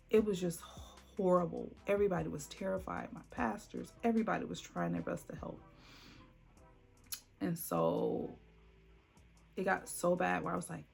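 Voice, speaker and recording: A woman's voice: lowish voice, lively intonation, moderate pace, gravelly, darkish tone, soft background music. A woman telling a dramatic personal story on her vlog, acting out the voices of the people in it. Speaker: vlogger.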